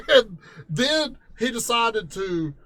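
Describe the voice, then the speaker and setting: A man's voice: a little high, animated, unhurried, slight background noise. A man hosting a casual gaming talk show, asking questions and telling his own stories with a chuckle. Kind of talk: casual interview.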